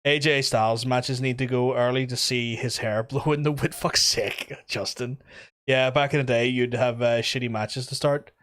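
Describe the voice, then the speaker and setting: A man's voice: mid-range voice, steady tone, moderate pace, a bit bright, a little hiss or hum. A man with a Northern Irish accent, rambling chattily and swearing freely as he streams a game. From Northern Ireland. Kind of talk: casual live-stream commentary.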